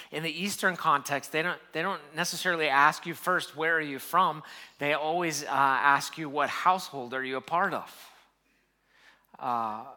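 A man's voice: medium pitch, sharp tone. A man preaching a sermon, reading scripture and building emphasis as he explains it. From United States. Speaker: pastor.

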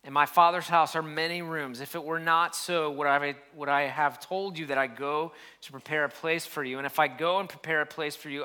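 A man's voice: medium pitch, bright, forceful tone, clear, resonant tone. A man preaching a sermon, reading scripture and building emphasis as he explains it. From United States. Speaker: pastor.

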